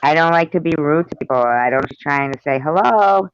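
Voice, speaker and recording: A man's voice: on the high side, lively intonation, fairly quick, clean tone, no room sound, dull audio. A man hosting a casual live stream group chat, who laughs easily and keeps checking on his guests.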